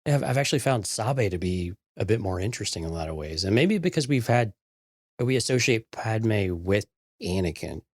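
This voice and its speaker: A man with a very deep voice talks through his views as a podcast co-host. He sounds easygoing and reflective. The recording is dry and close. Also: lively intonation, fairly quick, no room sound. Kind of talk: casual chat.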